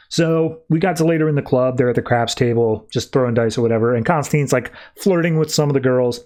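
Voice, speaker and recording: A man's voice: mid-range voice, fast talker, few pauses, a little mellow. Casual rambling male podcast host. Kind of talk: casual comic book recap.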